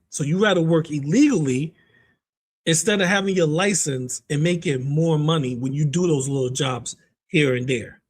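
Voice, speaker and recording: A man with a high, light voice runs a commentary on online drama. He talks in a lively, mocking way and keeps breaking into laughter. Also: moderate pace, slightly rough. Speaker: commentary host.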